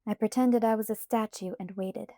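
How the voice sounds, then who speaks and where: A woman narrating a first-person novel as an audiobook with an expressive, measured reading. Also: mid-range voice, no room sound, studio quality.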